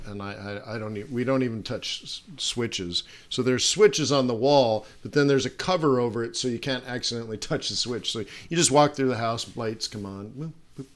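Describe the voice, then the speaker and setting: A man's voice: medium pitch, pushed and bright. Middle aged guy rambling thru his live trading stream, lots of uhs and restarts. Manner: rambling, chatty, many fillers and restarts. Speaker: forex trading stream host. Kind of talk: casual live trading commentary.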